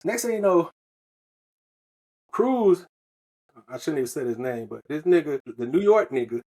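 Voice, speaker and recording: A man's voice: fairly high pitch, very animated, normal speed, a little mellow, slightly rough. A man from the US, telling a loose, profane story on a podcast in casual slang. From Southern United States. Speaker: podcast co-host.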